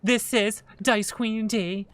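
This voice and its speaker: A woman's voice: fairly high pitch, fairly even intonation, slow, no room sound. A woman hosting a tabletop game stream, playful and self-deprecating, laughing often. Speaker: host.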